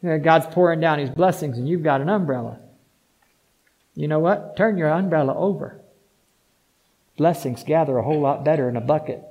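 A pastor delivering a sermon, preaching emphatically with rhetorical questions and shifting between soft asides and loud declarations. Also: male voice, a little high, normal speed, vocal fry, low-quality recording.

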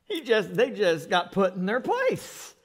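High voiced pastor guy preaching, animated, lots of restarts and little jokes. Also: a little slow, breathy edge. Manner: animated, repeats words, joking asides. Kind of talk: sermon.

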